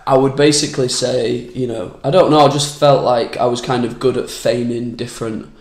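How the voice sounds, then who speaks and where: Man, young adult, candid and rambling, average pitch, roomy echo. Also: fairly even intonation, normal speed, darkish tone. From Manchester, England. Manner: rambling, candid, restarts sentences often. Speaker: comedian guest. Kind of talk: casual podcast chat. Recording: roomy echoey room.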